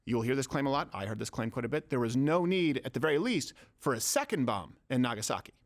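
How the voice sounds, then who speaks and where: A male show host with a mid-range, expressive voice and a quick pace runs a political talk show. He argues his points, reads quotes aloud and trades jokes with his co-hosts.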